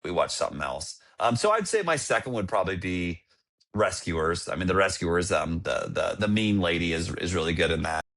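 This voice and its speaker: A man's voice: sits low, very animated, brisk, fairly bright tone. A man in his thirties, co-hosting a podcast, chatting enthusiastically and rambling. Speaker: podcast co-host. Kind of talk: casual chat.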